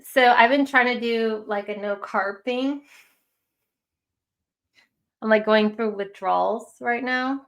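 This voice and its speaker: Slow, gravelly woman with a Chicago accent. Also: a little high, a bit bright. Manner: chatty, rambling with many fillers. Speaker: livestream host. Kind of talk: casual livestream chat.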